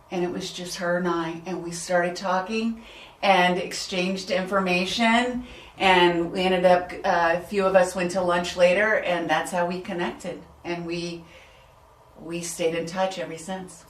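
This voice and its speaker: A woman guest speaker in a casual interview, telling stories in an upbeat, animated way. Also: fairly low pitch, measured pace, distant mic. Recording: echoey room, off-mic.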